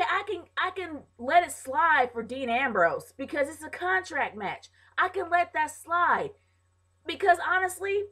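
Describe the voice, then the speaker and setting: A woman's voice: high-pitched, a bit bright. A woman casually reviewing a wrestling show, ranting with exasperation and calling her viewers "y'all". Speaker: wrestling vlogger.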